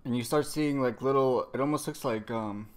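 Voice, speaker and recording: A man's voice: mid-range voice, normal speed. A man casually recapping a comic chapter, rambling, cursing a lot and trailing off into fillers. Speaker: manga reviewer.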